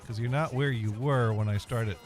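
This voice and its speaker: A man's voice: medium pitch, normal speed, a little mellow, faint music behind. Dry-joking man hosting a game stream. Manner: rambling, dry jokes, reads chat aloud. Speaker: streamer host. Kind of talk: casual gaming stream chat. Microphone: webcam and desk mic.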